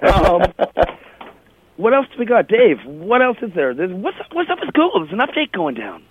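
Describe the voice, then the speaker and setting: A man's voice: sits high, very animated, normal speed, slight background noise. A man hosting a casual radio talk show, telling a funny story with plenty of laughs and restarts. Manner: chatty, laughing, self-interrupting. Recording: tinny phone-like radio audio.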